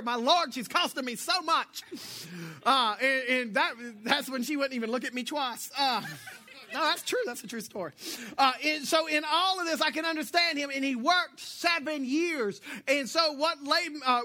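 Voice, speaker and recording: Young male preacher, high bright voice, animated, jokey, loud-to-soft swings. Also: a little hiss or hum. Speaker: pastor. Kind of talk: sermon.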